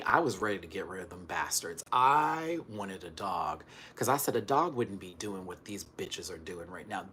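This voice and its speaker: A man ranting casually on camera, swinging between loud outbursts and hushed muttering, still recovering from an illness. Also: deep voice, slight background noise. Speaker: vlogger.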